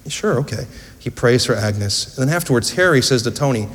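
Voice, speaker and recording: A man's voice: medium pitch, animated, a little fast. A man preaching a sermon in a church, earnest storytelling with rhetorical questions. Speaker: pastor. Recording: echoey church hall.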